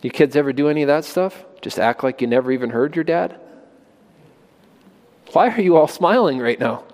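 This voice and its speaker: A man's voice: on the high side, expressive, moderate pace, darkish tone. A man preaching a sermon to children in an emphatic way, often putting questions to them. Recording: long reverb of a large hall.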